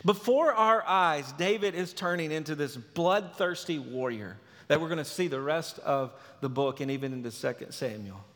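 A pastor delivers an animated, emphatic sermon in a high voice. His tone is bright. The sound rings with a long reverb. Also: normal speed, hardly any pauses. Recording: reverberant hall.

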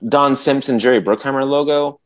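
A man co-hosting a podcast rambles through a story in casual chat, restarting often and acting out quotes and sound effects. His mid-range voice moves fairly quickly.

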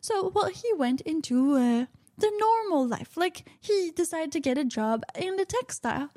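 A high-pitched woman hosts her own radio show from a close microphone in a dry, dead room. She rambles casually, filling her pauses with frequent "uh-huh" and "mm-hmm". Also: animated, mellow, dry recording. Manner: chatty, rambling, many "uh-huh" and "mm-hmm" fillers. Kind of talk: casual solo radio talk.

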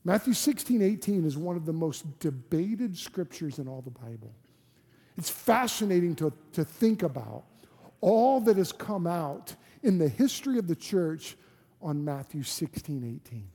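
A man's voice: a little high, very animated, measured pace, mellow, breathy edge. A man preaching a sermon as a pastor, earnest and full of rhetorical questions and restarts. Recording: long hall reverb.

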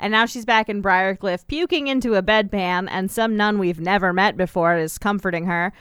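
A woman co-hosting a podcast, summarizing a TV episode in casual chat with a wry, deadpan manner. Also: medium pitch, moderate pace, clean tone, no echo, clean studio sound. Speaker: podcast co-host.

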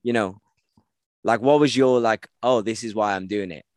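A man in his early thirties hosts a casual podcast chat, full of slang and easy jokes. His voice is lowish and sounds dry and close to the mic. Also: normal speed, clear, resonant tone, dry recording. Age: 30s. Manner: slangy, chatty, joking. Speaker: podcast host.

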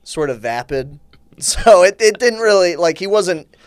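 A man hosting a podcast, trading jokes and quick asides in relaxed chat. His voice sits fairly high and swings widely in pitch as he talks. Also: smooth, no echo. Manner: joking, quick interjections, laughs often. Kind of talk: casual chat.

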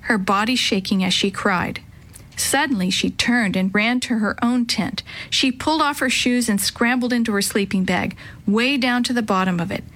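A woman's voice: medium pitch, a bit bright. A woman narrating a children's story aloud, acting out the children's dialogue with expression.

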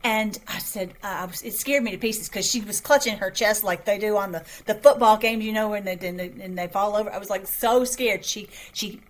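A woman's voice: mid-range voice, a little fast, few pauses. A woman hosting an online show, talking casually to her viewers in a rambling, chatty way with many restarts, her voice a little weak and short of breath.

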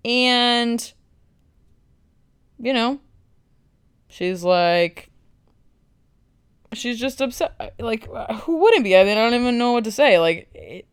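A woman's voice: on the high side, animated, takes it slowly, pauses often, clear, resonant tone. Blunt, sarcastic woman podcast host. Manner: blunt, sarcastic, swears freely. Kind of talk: casual film recap.

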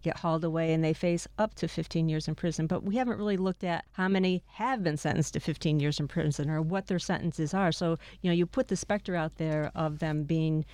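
A woman's voice: sits low, fairly even intonation, fairly quick, few pauses, darkish tone, no echo. A woman on a radio media panel, raising questions and introducing new topics for discussion. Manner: probing, raises questions for the panel.

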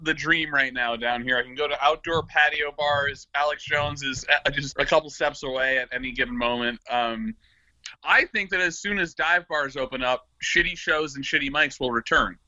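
An easygoing man with a very sharp, bright voice chats with other comics. The sound is very dry and dull, with no room in it at all. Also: fairly high pitch, normal speed, no echo. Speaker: stand-up comedian. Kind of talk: casual chat among comedians.

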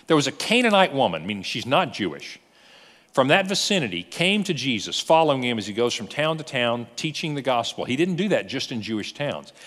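A male pastor delivers a lively sermon full of storytelling and rhetorical questions, his pitch rising and falling expressively. He speaks fairly quickly, and the church hall is reverberant.

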